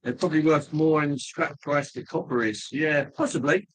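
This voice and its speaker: A man chats casually on a livestream in a fairly high voice. He rambles and jokes, pausing often with ums as he talks to viewers. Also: husky, rough recording. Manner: rambling, jokey, pauses with ums. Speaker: livestream host.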